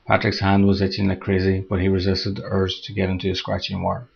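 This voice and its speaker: Low husky male story narrator. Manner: steady, measured reading. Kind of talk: scripted horror story narration. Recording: dull lo-fi recording.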